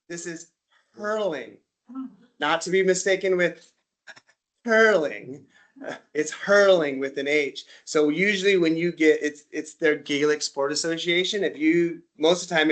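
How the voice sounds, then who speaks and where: A man from the United States presenting a casual slide-show talk, a chatty storyteller who acts out little dialogues. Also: fairly high pitch. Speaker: presenter at an interest group talk.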